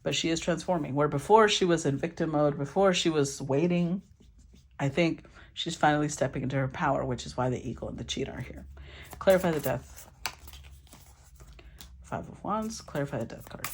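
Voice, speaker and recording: A woman giving a casual tarot reading, talking in an animated, blunt way and swearing casually. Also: low voice, moderate pace, slightly rough. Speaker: tarot reader.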